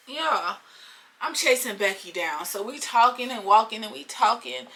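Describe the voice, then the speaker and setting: A young woman telling a storytime vlog in an animated, slangy way, talking straight to her viewers. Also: a little high, normal speed. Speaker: storytime vlogger.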